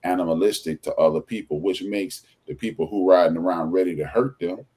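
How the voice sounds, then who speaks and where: Male podcast host from Chicago, husky voice, animated casual talk. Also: low-pitched, fairly quick. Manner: animated storytelling with quoted voices.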